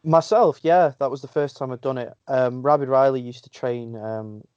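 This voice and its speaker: Chatty Northern English man, mellow. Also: medium pitch, moderate pace, smooth, no room sound. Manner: chatty storyteller, laughs often. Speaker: guest wrestler. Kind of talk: casual interview chat. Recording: dull lo-fi sound.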